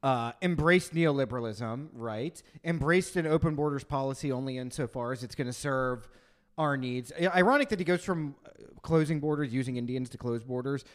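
A man who is a comedian hosting a podcast, chatting casually, excitable and laughing often as he talks through ideas. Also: mid-range voice, brisk. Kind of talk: casual chat.

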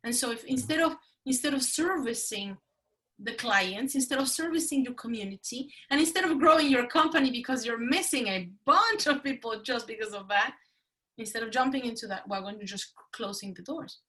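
A middle-aged woman, telling her story as a podcast guest in an animated, emphatic way. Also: on the high side, fairly quick, recorded from a distance, poor audio. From Mexico. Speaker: guest, business consultant. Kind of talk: casual interview talk.

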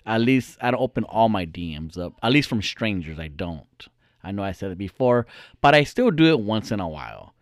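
Animated, laughing man telling a story. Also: on the low side, fairly quick, no echo, studio quality. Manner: animated, laughs often, swears freely. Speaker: storyteller talking to viewers. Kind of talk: casual storytelling.

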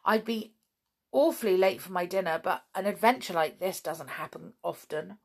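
A woman's voice: fairly low pitch, normal speed, vocal fry, darkish tone. A woman voicing an eager little boy who talks in a breathless, wide-eyed way.

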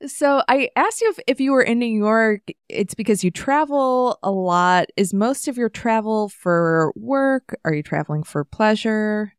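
A woman hosting a podcast, asking questions in a relaxed, conversational way and laughing often. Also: on the high side, a little slow, hardly any pauses, smooth, no echo, studio quality. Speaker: podcast host. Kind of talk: casual interview.

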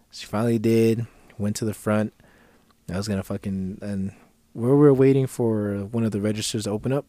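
A man's voice: fairly low pitch, little pitch movement, fast talker, dark tone, no echo, studio quality. A man co-hosting a podcast, telling a story in casual profane chat and acting out the people he quotes in a raised voice. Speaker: podcast co-host.

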